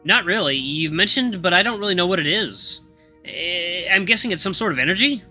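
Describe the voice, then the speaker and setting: A man voicing an excitable young fox student who blurts things out loudly. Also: high voice, a little fast, soft background music, pitched above the performer's own voice, full character voice. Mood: eager. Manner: eager, loud, blurting.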